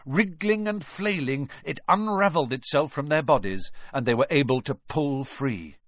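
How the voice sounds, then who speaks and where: A man's voice: fairly high pitch, animated, moderate pace, no room sound, studio quality. Man narrating a storybook expressively. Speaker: audiobook narrator. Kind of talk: storybook reading.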